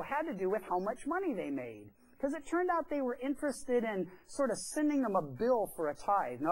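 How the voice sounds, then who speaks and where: A man's voice: high-pitched, rough recording. A pastor telling a story during a sermon in a church. He talks in a chatty way and acts out the quoted voices. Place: church sanctuary.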